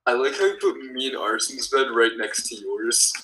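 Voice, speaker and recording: A man jokes and eggs his friends on in a casual gaming chat. His voice is bright and mid-pitched, with faint noise behind it. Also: normal speed, rough recording. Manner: joking, egging others on.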